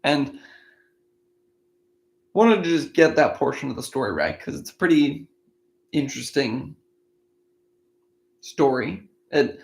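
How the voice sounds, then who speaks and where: A man's voice: medium pitch, lively intonation, slow, gravelly, long pauses. A man reading scripture aloud and commenting on it conversationally, thinking aloud between passages. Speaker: Bible study host. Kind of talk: daily Bible reading with commentary.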